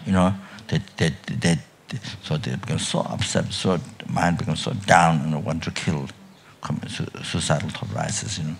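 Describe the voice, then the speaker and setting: An older man giving a Buddhist dharma talk at a retreat, speaking haltingly with many restarts and trailing phrases, often coughing and clearing his throat. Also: low-pitched, animated, fairly bright tone. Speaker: Buddhist teacher.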